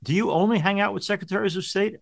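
A man's voice: sits high, fast, gravelly, no echo. A man hosting a talk show, gracious and easy to laugh as he thanks his guest. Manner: warm, gracious, laughs easily. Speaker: host, priest.

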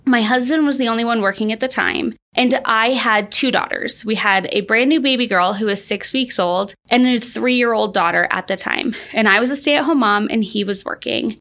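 A woman's voice: a little high, normal speed, hardly any pauses, a bit bright. A woman in her thirties hosting a podcast, telling her personal story in an upbeat, chatty way. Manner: upbeat, chatty, frequent "like" and laughs. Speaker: podcast host, launch coach.

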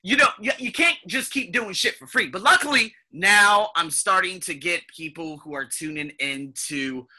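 A man hosting an English-learning podcast, telling stories in a rambling, profane and animated way. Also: high-pitched, normal speed, few pauses. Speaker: ESL podcast host. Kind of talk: casual storytelling monologue.

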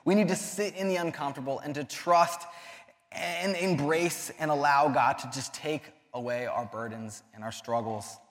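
A man's voice: on the high side, moderate pace. Young man, youth preacher, earnest, conversational, reverberant hall. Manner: earnest and conversational, with many likes and restarts. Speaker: youth ministry speaker. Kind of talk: casual sermon. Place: church hall.

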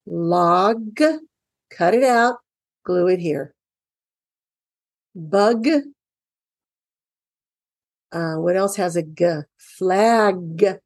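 A woman's voice: fairly low pitch, very slow, pauses often, dry recording. A woman in her fifties, a parent, walks through a children's reading workbook in an enthusiastic, encouraging lesson. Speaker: parent teaching early reading.

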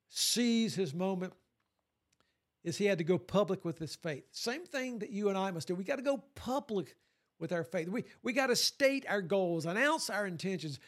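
A man preaching a sermon to his congregation, animated and lively, sometimes acting out voices. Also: high-pitched. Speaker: pastor.

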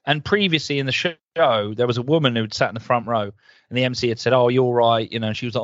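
A man co-hosting a casual podcast, ranting and swearing in an animated, jokey way. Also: medium pitch, quick pace, no room sound, lo-fi sound. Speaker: podcast co-host. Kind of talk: casual chat.

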